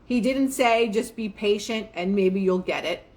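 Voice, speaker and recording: Brief: young woman, casual host, chatty with many fillers, mid-pitched voice, motivational talk. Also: a little slow. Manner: chatty, filler-heavy, quotes herself and others in lively asides. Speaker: manifestation show host.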